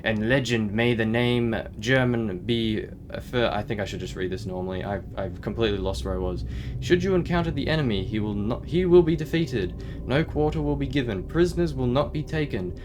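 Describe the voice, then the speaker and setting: A man's voice: mid-range voice, expressive, fairly quick, over music. Chatty male gamer thinking aloud. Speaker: gaming video host. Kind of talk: casual game commentary.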